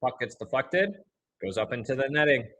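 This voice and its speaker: Calling every play on his fan livestream, this young host speaks in a mid-range voice and clearly picks a side. His even commentary can suddenly erupt into shouting at the refs.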